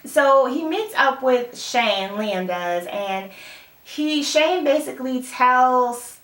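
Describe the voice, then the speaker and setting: A woman's voice: sits high, animated, slow, fairly bright tone. A young woman in casual chat, rambling through a TV episode recap, full of "like" and "um". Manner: rambling, full of "like" and "um", mixes up names. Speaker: TV recap vlogger. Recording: roomy room, mic far off.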